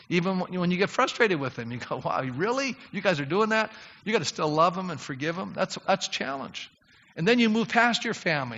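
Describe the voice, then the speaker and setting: A male pastor preaches in a bright, forceful voice that sits a little high, swinging from conversational asides to emphatic appeals. His sermon rings through a long hall reverb. The recording has a dull, lo-fi sound. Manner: emphatic, rising to loud appeals; conversational, addresses congregation directly. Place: church sanctuary.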